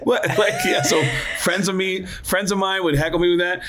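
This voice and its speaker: A man's voice: normal speed, a crowd in the background. A male comedian and impressionist, a podcast guest, telling a story casually and acting out other people's voices. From United States. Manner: animated, acts out voices with big pitch jumps; casual, lots of "like" and "dude". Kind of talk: storytelling in an interview.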